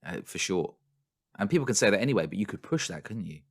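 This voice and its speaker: A man co-hosting a casual podcast, telling stories in an animated, rambling way with frequent laughs. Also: fairly low pitch, fast talker, slightly rough. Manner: animated, rambling storyteller who laughs often. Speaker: podcast co-host. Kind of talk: casual chat. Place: home in London.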